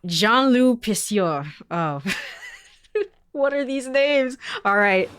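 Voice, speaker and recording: A woman's voice: fairly high pitch, lively intonation, slow, fairly bright tone, smooth, dry recording, clean studio sound. A woman streamer giving casual gaming commentary, laughing often and stammering as she reacts. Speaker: let's play streamer.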